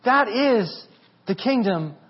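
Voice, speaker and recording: A high-voiced man in his thirties delivers a lively, humorous sermon, jumping between teaching and family stories. The recording sounds dull and muffled. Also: slow, husky. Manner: animated, humorous storytelling. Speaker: pastor.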